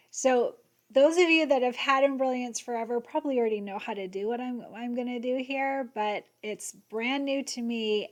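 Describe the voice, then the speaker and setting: A woman hosting an embroidery software tutorial, excitable and gushing, sometimes muttering to herself as she clicks along. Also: medium pitch. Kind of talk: screen-share software tutorial.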